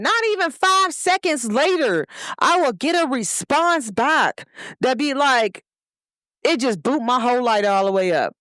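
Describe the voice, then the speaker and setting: A young woman hosts her own show, talking her listeners through a casual pep talk. Her voice sits a little high and swings widely in pitch as she leans on her points. The sound is dry and close. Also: fairly bright tone, no echo. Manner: emphatic, talks straight to listeners. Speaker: host. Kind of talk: casual motivational monologue.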